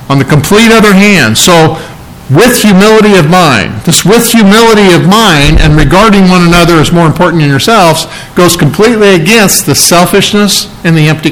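Man, pastor, sermon, emphatic repetition, slightly higher voice. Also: a bit bright, low-quality recording. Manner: earnest, emphatic teaching with repetition.

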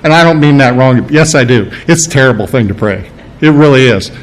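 A man preaching a sermon in a lively, conversational way, with emphatic repetition and joking asides. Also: mid-range voice, fairly quick, rough recording.

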